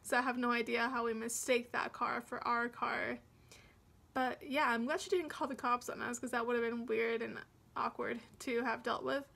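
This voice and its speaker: A young woman with a high voice, narrating a storytime for her vlog. She talks in a chatty, rambling way and often restarts her sentences. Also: little pitch movement, normal speed, vocal fry, bright, forceful tone. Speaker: vlogger.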